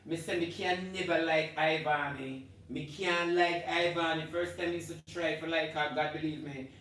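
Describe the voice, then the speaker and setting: A Jamaican man hosts a live stream with a loud rant in Patois. His voice is bright and forceful. He sits back from the mic in a very echoey room with a faint hum behind him. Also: fairly even intonation, moderate pace, recorded from a distance. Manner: loud ranting in Jamaican Patois, swinging between shouting and low muttering.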